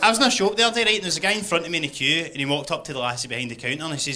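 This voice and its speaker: A man's voice: fairly high pitch, rapid-fire, few pauses, sharp tone. A Scottish man doing a stand-up comedy routine, chatty and jokey. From Scotland. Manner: jokey, conversational, punchline laughs.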